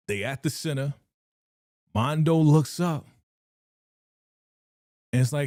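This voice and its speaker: A man reacting live to a TV episode, his pitch swinging up and down as he gets worked up. He talks in loose slang, laughs, and acts out the characters' lines. His voice is mellow and close, with a dry sound. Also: very animated, a little slow, long pauses, no echo. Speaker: reaction streamer.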